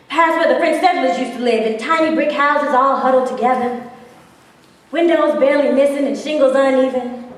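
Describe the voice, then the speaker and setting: An actress performing a theatrical monologue as a spirited woman recalling her defiant girlhood, swinging between hushed and bold. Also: high voice, natural voice. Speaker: stage actress. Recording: echoey hall, far from the mic.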